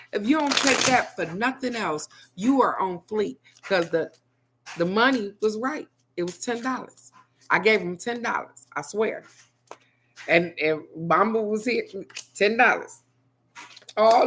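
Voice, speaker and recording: A middle-aged woman doing a casual live-stream card reading, loud and animated, swearing freely and laughing big. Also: medium pitch, slight background noise. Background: faint background music.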